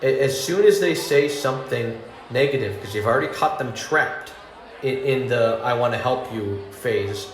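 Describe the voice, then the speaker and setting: A man's voice: mid-range voice, moderate pace. A man doing a stand-up comedy monologue, rambling with fillers and restarts, laughing at his own jokes and acting out customer voices. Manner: acts out angry and sweet customer voices. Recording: roomy ambience with faint noise.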